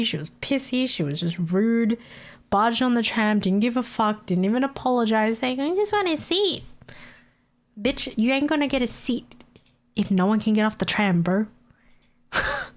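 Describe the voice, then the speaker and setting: A woman streamer chatting casually, ranting with frequent swearing and laughter. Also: mid-range voice. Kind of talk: casual live-stream chat.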